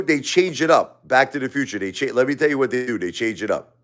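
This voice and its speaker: A man's voice: mid-range voice, sing-song, fast. Grieving man rambling on a livestream. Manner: repetitive, emotional, repeats phrases, chuckles between lines. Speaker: livestream host.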